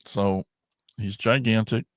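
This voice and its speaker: Excitable rambling man, dry close mic. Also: lowish voice, slow pace, no room sound. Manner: rambling and excitable, trails off and restarts. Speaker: podcast host. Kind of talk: casual chat.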